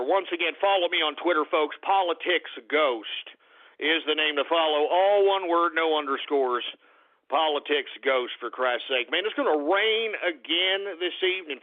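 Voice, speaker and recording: A man hosting a call-in radio show, ranting angrily and cursing at his listeners. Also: on the high side. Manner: ranting, profane, shouting insults at trolls. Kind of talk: angry call-in radio rant. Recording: tinny phone-quality radio recording.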